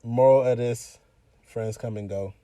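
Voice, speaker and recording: A man's voice: mid-range voice, steady tone, a little slow, warm tone, no echo. A young man co-hosting a podcast, talking casually and bluntly from inside a car, repeating his points. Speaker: podcast co-host. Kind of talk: casual chat.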